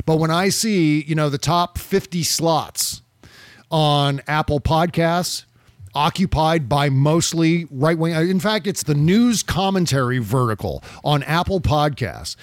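A man co-hosting a political podcast in casual chat, talking loosely with profanity and quick laughs. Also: a little high, no echo. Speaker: podcast co-host.

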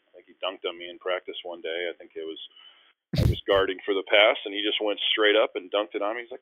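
A middle-aged man, a former basketball player, telling stories in a casual interview and acting out the quoted voices with lively energy. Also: low-pitched. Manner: animated storyteller, acts out quoted voices. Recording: tinny phone-like line.

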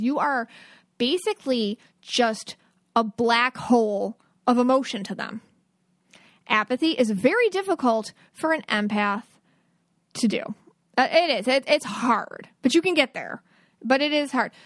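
A woman in her thirties talks through her podcast in a casual, earnest way, full of "like" and little laughs. Her voice sits a bit high, and the sound is dry and close, with no room around it. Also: no echo. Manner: earnest, chatty advice-giving with frequent "like" and laughs. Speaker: podcast host. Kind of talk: casual solo podcast talk.

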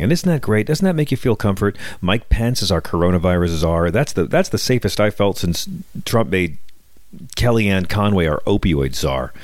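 A man's voice: deep voice, darkish tone, no room sound. A middle-aged man hosting his own podcast, delivering a sardonic, wisecracking political comedy monologue with frequent restarts. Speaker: podcast host.

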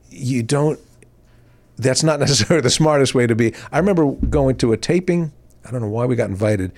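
A man in his sixties telling long anecdotes in a casual chat, jumping into higher voices when he quotes people. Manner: animated anecdotes with bursts of high-pitched quoted voices. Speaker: guest.

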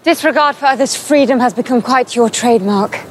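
An actress playing a proud, bitter young sorceress who talks in a cutting, defiant way in a drama clip. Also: female voice, fairly high pitch, fairly quick, lightly acted.

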